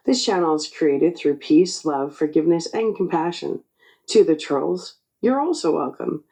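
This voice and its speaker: A woman in her forties hosting her own channel, speaking in an emotional spiritual monologue, choked up and halting. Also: sits low, mellow, rough recording. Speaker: channel host.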